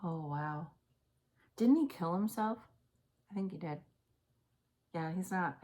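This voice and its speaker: A woman talks straight to camera through an intense psychic reading. Her voice sits a little low, and she halts, restarts and trails off often. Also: steady tone, moderate pace. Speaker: psychic reader. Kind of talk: intuitive reading on video.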